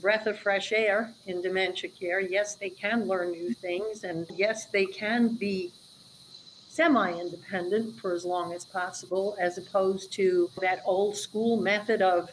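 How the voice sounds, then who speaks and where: Brief: woman dementia trainer, mid-pitched, earnest interview guest, leans on key words. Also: fairly even intonation, slow, slight background noise, low-quality recording. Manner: earnest, explanatory, emphatic. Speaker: dementia care educator. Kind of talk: interview conversation.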